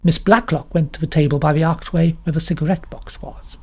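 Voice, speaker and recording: A woman from London with a British accent, narrating an audiobook in an expressive, lively storytelling manner. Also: low voice, fairly quick, husky. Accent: British English. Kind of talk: scripted narration.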